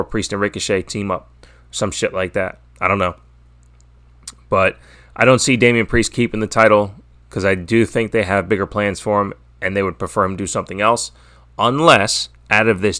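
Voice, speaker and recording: A man's voice: fairly low pitch, bright, forceful tone, clean tone. A man hosting his own wrestling podcast, talking casually and with strong opinions, swearing often and rambling with restarts. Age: adult, father. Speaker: podcast host. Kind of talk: casual solo wrestling preview.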